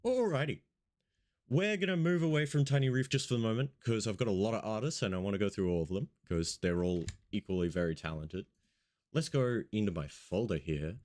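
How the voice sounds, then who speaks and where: Sleepy, casual radio host. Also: male voice, on the low side, animated, a little fast, darkish tone. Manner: loose, rambling, swears casually. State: just woke up, yawning. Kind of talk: casual radio show chat.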